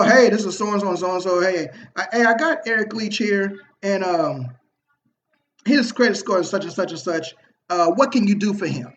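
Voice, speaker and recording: A man telling a personal story to his viewers in a casual, motivational way, slangy and animated, acting out the people he quotes. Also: high voice, muffled recording. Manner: animated, slangy, repeats himself and acts out quoted dialogue. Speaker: online marketing video host.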